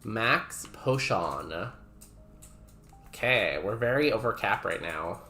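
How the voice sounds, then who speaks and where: A man's voice: on the low side, expressive, slow, sharp tone, faint music behind. A man streaming a game, chatting casually and rambling while he reads messages from chat aloud.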